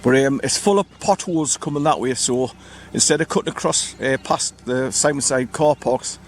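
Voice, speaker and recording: This walking vlog comes from a man beside his parked car out in the countryside, rambling chattily and spelling place names along the way. His voice is medium-pitched at a normal speed, and a little background noise is audible.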